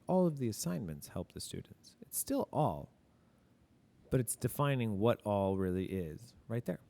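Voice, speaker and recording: A man's voice: on the low side, sing-song, normal speed, darkish tone. A male teacher talking through grammar examples in a casual lesson, asking and answering his own questions. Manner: casual, admits mistakes openly.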